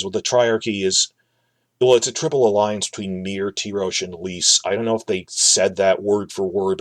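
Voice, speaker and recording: A man's voice: sits low, a bit bright, dry recording. A man hosting a casual reaction video, rambling through his thoughts with frequent restarts. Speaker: video host. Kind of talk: casual episode reaction commentary.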